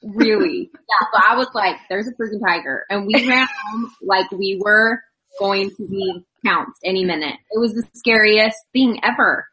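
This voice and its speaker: A woman's voice: medium pitch, measured pace, sharp tone, low-quality recording. A woman speaking expressively in a casual group chat.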